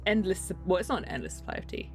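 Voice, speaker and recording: A young woman from England chats casually while live-streaming a game, rambling and giggling between thoughts. Her lowish voice races along with wildly swooping pitch, and soft music plays in the background.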